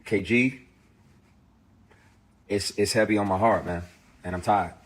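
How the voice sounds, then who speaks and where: A man's voice: on the low side, a little slow. A man, an actor, speaking straight to camera in an emphatic, profane, heated rant. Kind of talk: impassioned direct-to-camera rant.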